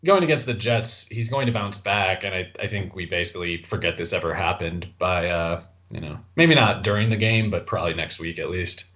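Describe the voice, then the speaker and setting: A man giving casual sports analysis on a podcast, animated and quick, sometimes mocking other people's voices. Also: low voice, lo-fi sound. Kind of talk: casual fantasy football analysis.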